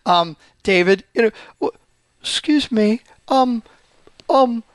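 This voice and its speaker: A man's voice: very high voice, slow, no echo. A man co-hosting a podcast in casual banter, joking, teasing and swearing freely. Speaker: podcast co-host.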